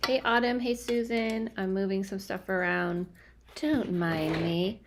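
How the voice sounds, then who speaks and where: A young woman chats loosely into her phone on a home livestream, talking at an ordinary middle pitch. She rambles and stops to restart her sentences, her words full of fillers and asides. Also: fairly even intonation, unhurried, noisy background. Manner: chatty, scattered, many fillers and restarts. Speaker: medium doing live readings. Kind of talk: casual livestream chat. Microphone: phone or webcam livestream.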